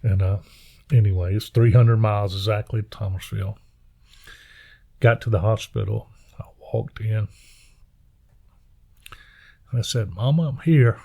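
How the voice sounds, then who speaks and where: A middle-aged pastor, telling personal stories in a jovial, folksy way. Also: male voice, fairly low pitch, fairly even intonation, measured pace, vocal fry, pauses often, husky, muffled recording. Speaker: pastor and podcast guest. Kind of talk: personal storytelling in conversation.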